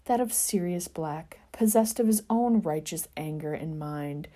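A woman's voice: deep voice, lively intonation, measured pace, mellow. A woman podcast host reading fan fiction aloud and chatting with wry, dry asides. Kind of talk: narrated fan fiction reading and casual chat.

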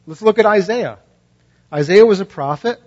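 A man preaching a sermon as a pastor, talking conversationally and acting out quoted voices, his pitch climbing when he gets impassioned. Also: expressive, normal speed, a little mellow. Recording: dull lo-fi recording.

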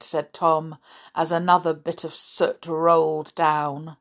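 A woman reading a children's story aloud in an expressive, dramatic manner. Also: sits low, slow.

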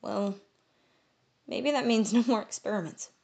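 A woman's voice: unhurried, vocal fry, mellow. A woman voicing a kind-hearted young male pixie in an audiobook, anxious and tearful. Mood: resigned. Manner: high-pitched and tearful, anxious. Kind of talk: audiobook character voice.

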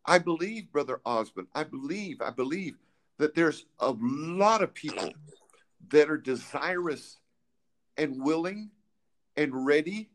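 A man's voice: fairly high pitch, expressive, a bit bright. A man hosting a casual faith talk, fervent and emphatic, often repeating words as he searches for what to say. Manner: halting, with many repeated words.

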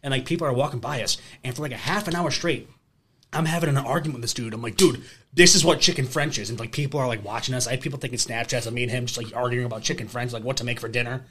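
A young man from the Rochester area, co-hosting a casual podcast and telling animated stories. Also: medium pitch, husky. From Rochester, New York area. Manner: animated storyteller, fast and chatty. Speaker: podcast co-host. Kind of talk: casual chat. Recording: faint background noise.

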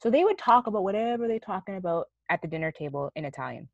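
A young woman telling a story in a casual chat, animated and swearing casually. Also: mid-range voice, fast talker, no room sound. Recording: dull, dry sound.

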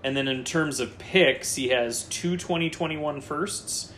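A man hosting a casual fantasy football chat, reading through a roster in quick lists and joking with his co-host. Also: fairly high pitch, a little hiss or hum. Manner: lively, lists players in quick runs, jokey.

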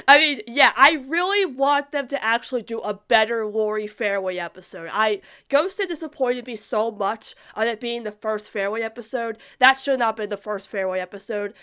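Rambling young woman, smooth clear voice. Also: a little high. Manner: rambling, animated, many fillers and restarts. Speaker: podcast host reading viewer comments. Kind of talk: casual fan chat.

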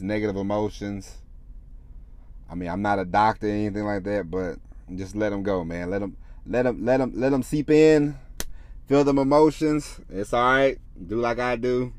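A man's voice: fairly low pitch, a little mellow. A man hosting a solo podcast, talking in a loose, rambling way with many restarts and frequent swearing. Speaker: podcast host. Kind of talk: casual solo podcast talk.

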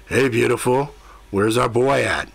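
A man's voice: medium pitch, unhurried, vocal fry, slightly rough. A man voicing a brash, crude male demon who talks in a cocky, flirtatious way. The reading is an audiobook character voice.

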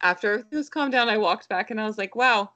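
A young adult woman co-hosting a casual podcast, telling a story about her family in a chatty, laugh-filled way. Her voice sits at a middle pitch. It is recorded close and dry, with no room sound. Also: animated, racing, bright, forceful tone, no room sound, dull audio. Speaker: podcast co-host. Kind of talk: casual chat.

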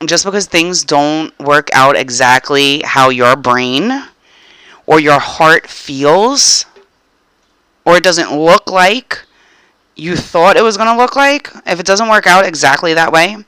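A woman's voice: low voice, expressive, slow pace, bright, forceful tone, clear, resonant tone, dry recording. A woman co-hosting a podcast in casual chat, playful and laughing a lot, turning earnest when she gives advice. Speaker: podcast co-host.

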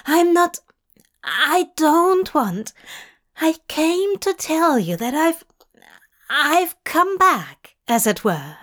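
A woman doing a high, flustered fussy male angel. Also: very animated, slow, heavily acted. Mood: flustered pleading. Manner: stammering, pleading.

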